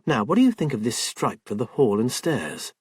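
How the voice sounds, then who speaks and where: A man's voice: medium pitch, sing-song, moderate pace, husky, no echo, studio quality. A man voicing a stressed, overworked woman who snaps impatiently and then breaks down, in an audiobook. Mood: dismissive. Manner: sharp and impatient, turning tearful. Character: tense overworked woman artist, snappish.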